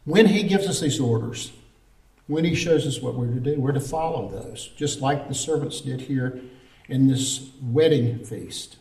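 A man's voice: mid-range voice, a little slow, darkish tone. A man preaching a sermon as pastor, earnest and storytelling, calling for responses from the congregation. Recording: roomy echo, distant mic.

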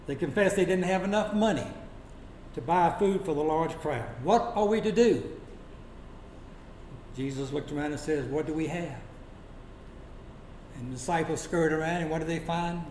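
A man preaching a sermon, telling Bible stories dramatically and dropping to a hush for quoted lines. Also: sits high. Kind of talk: sermon storytelling. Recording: echoey room with faint noise.

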